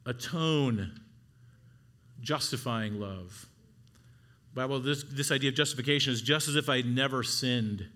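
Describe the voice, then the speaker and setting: Middle-aged pastor guy preaching, bright crisp voice, earnest and pushing. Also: mid-range voice, a little slow, long pauses. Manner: earnest preaching to a congregation, urgent exhortations. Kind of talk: sermon.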